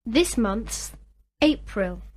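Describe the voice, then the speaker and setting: Slow, careful woman answering drills. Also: on the high side, expressive, darkish tone. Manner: careful, full-sentence replies.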